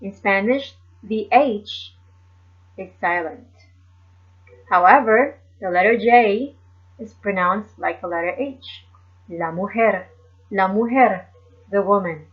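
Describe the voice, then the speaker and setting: A woman teaching a language lesson slowly and carefully, repeating each word for learners. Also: medium pitch. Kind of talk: slow explanatory lesson. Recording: dull lo-fi sound.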